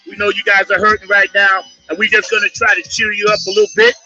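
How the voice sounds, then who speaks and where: A man's voice: high voice, fast talker, lo-fi sound, faint music behind. A man hosting a live online show, energetically calling out fans by name and place. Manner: energetic, shouting out names. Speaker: host. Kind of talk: hyped live show shout-outs.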